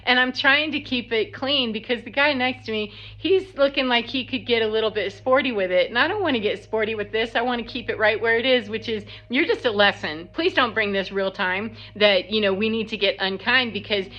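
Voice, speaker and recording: A woman telling a story in a casual, blunt, animated monologue that acts out what people said. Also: a little high, fairly quick, hardly any pauses. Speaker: spiritual vlogger. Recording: slightly dull lo-fi sound.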